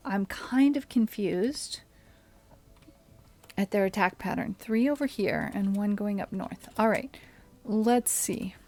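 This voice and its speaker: A woman streamer giving casual commentary while she plays a game, thinking aloud and often dropping to a soft mutter. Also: mid-range voice, unhurried.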